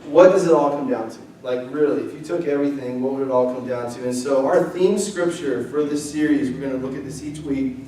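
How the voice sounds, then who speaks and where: A young pastor, weak from illness, preaches a casual, joking sermon and banters with his congregation in a brisk, dark, mid-range voice. The mic sits far off in an echoey church sanctuary.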